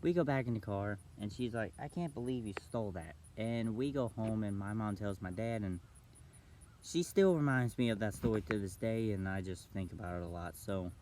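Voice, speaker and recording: A young man vlogging, telling a story casually and acting out the other people's voices with big jumps in pitch. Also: normal speed, a little mellow, a little hiss or hum, rough recording. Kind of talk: storytelling vlog.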